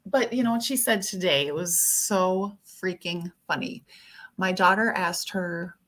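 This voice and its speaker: A woman's voice: on the low side, measured pace, a bit bright. A woman hosting a casual chat, telling family stories and laughing often.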